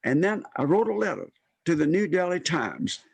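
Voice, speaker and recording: Husky older man telling a life story. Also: on the high side, moderate pace, no room sound. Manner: animated, acts out quoted voices. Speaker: guest storyteller. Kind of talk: personal storytelling.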